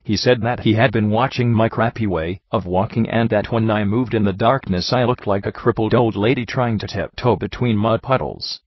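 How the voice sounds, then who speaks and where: Low-voiced man reading an audiobook. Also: moderate pace, hardly any pauses, breathy edge, dry recording. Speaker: audiobook narrator. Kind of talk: scripted narration. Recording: slightly muffled lo-fi recording.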